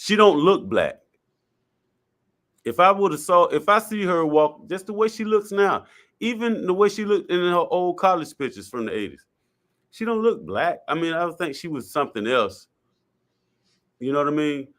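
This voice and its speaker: A man's voice: a little high, fairly bright tone. A man talking casually and bluntly, explaining his view at length with repeated points and slang. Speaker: guest speaker. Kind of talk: casual discussion.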